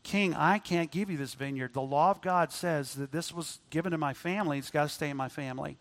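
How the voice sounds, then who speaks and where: A man's voice: on the high side, a little fast, fairly bright tone. A man preacher voicing a faithful farmer who refuses to give up his family land. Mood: firm.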